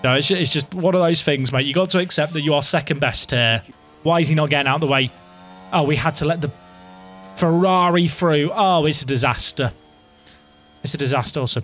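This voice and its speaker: A young man giving live, excitable commentary to his viewers while playing a game, dramatic and self-mocking. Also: fairly high pitch, a little fast, soft background music. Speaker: game streamer.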